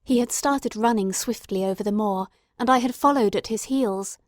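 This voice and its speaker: Woman, audiobook narrator, steady dramatic reading, higher pitch, dry sound. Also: normal speed, no room sound. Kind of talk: scripted narration.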